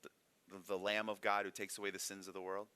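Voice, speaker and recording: A man's voice: low voice, little pitch movement, fast, bright, forceful tone, clean tone, dry recording. A man teaching a casual Bible lesson in a church classroom, conversational and full of rhetorical questions. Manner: conversational, frequent rhetorical "right?".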